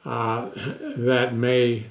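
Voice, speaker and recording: A man who is a stuttering specialist, giving casual advice to camera in an unhurried way with many pauses and fillers. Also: medium pitch, monotone, creaky, echoey room.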